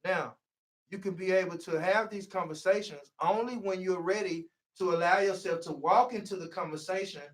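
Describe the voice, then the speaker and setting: A man with a high voice gives a preachy motivational talk on healing. He presses each point hard and keeps circling back with "see". He sounds set back from the mic in an echoey room. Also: fairly bright tone, far from the mic. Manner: preachy, repeats "see" to drive points home. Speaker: healing speaker.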